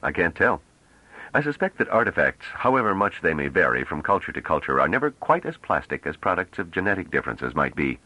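Restless sarcastic navy veteran, very deep bright voice, animated, man doing him. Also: fairly quick, husky, no room sound, heavily acted, rough recording. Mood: tense. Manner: impatient, sarcastic. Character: tense, restless male ex-navy politician. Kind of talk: audiobook character reading.

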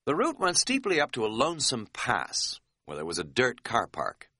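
A man's voice: mid-range voice, wildly swooping pitch, normal speed, pushed and bright, no echo. A man narrating an audiobook in a wry, dry-humored storytelling manner.

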